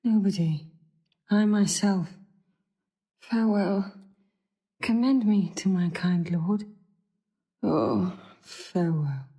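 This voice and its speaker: An actress playing a gentle, faithful young wife who is dying, speaking faintly and breathily in a stage drama. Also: female voice, lowish voice, takes it slowly, pauses often, breathy edge, exaggerated voice.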